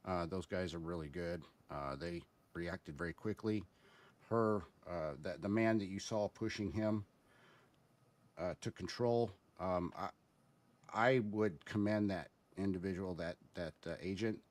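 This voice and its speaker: A man giving casual spoken commentary as a guest, halting and explanatory, with many fillers and restarts. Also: deep voice.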